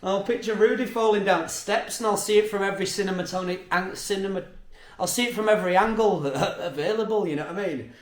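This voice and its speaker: A man's voice: sits high, quick pace, reverberant. A man telling everyday stories in a rambling casual monologue, swearing, laughing often and asking "you know what I mean". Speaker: podcast host.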